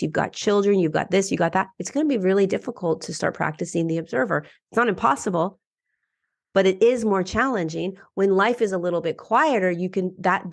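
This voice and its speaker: A middle-aged woman guesting on a podcast, talking in an earnest, reflective way and often restarting her sentences. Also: fairly low pitch. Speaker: podcast guest, ascension teacher. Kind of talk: casual conversational interview.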